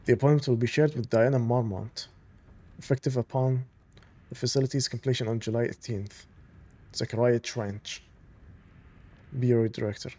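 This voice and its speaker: A man doing casual let's-play commentary, switching between reading in-game documents aloud and gushing fan asides. His voice sits at an ordinary mid pitch. He talks in a relaxed, conversational way. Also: moderate pace, pauses often. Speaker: gamer playing through a story game.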